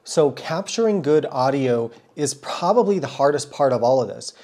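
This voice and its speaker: A man with a cold hosts his own motorcycle vlog, speaking at a moderate pace in a medium-pitched, darkish voice with lively intonation. In casual explanatory talk, he gives a friendly, thorough account of how he films, often doubling words for emphasis.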